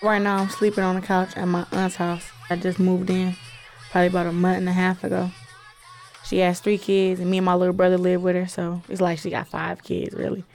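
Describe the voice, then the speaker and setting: A woman's voice: fairly low pitch, completely flat delivery, a little fast, darkish tone, faint music behind. A teenage girl from Flint, Michigan, speaking casually and reflectively into a tape recorder for her personal audio diary. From Flint, Michigan, United States. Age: teens. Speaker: boxer keeping an audio diary. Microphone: handheld tape recorder.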